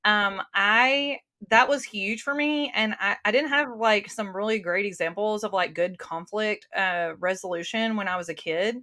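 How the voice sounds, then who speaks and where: A woman's voice: medium pitch, normal speed, hardly any pauses, pushed and bright. A woman guest talking earnestly and casually in an interview, with many fillers and restarts, over a remote call. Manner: earnest, talks from the heart.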